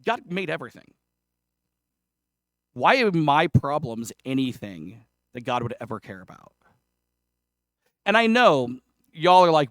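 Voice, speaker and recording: A man's voice: on the high side, sing-song, unhurried, pauses often, no room sound, studio quality. A male pastor preaching a sermon in a conversational, self-deprecating way, with casual asides. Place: church sanctuary.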